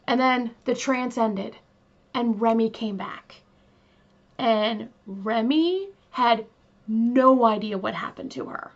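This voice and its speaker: Speaking slowly in a slightly high voice, this true crime podcast host tells her case as casual storytelling, chatty and full of fillers, often addressing listeners directly. The lo-fi recording sounds slightly dull.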